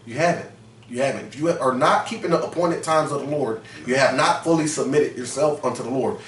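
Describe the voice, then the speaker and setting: A man's voice: medium pitch, brisk, slight background noise. A man teaching scripture in a street-style preaching manner, emphatic and slangy, often tagging "man" onto his lines. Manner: emphatic, slangy, repeats "man" and "you know what I'm saying". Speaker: teacher leading a scripture study. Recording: roomy sound from a distance.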